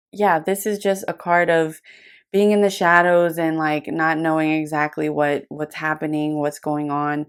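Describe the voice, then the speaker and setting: A young woman with a low voice gives a tarot reading as if to one listener. She talks gently and affectionately, wandering off with fillers and little asides. Her tone stays intimate and reassuring. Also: little pitch movement, a little slow, smooth. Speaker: tarot reader.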